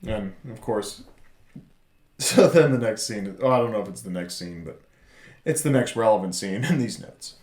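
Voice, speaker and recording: A man co-hosting a podcast, recapping a TV series in loose casual chat full of fillers and quick laughs. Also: on the low side, expressive, darkish tone. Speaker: podcast co-host. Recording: roomy echo.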